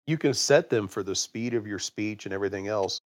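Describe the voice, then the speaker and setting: A man's voice: fairly low pitch, brisk. A man co-hosting a casual podcast, cracking jokes and telling a gag story. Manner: joking, tells jokes with punchlines. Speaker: podcast co-host.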